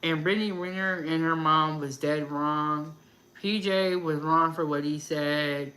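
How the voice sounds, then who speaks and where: A woman hosting her food channel, chatting casually about celebrity gossip in an animated, opinionated way with asides to her viewers. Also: sits low, unhurried, poor audio.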